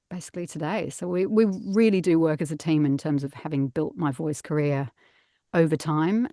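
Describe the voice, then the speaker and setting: A woman's voice: deep voice, darkish tone, no room sound, clean studio sound. A middle-aged woman, a voice actor guest, chatting casually and self-mockingly from her padded home booth. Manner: self-mocking, laughs often. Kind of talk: casual interview chat.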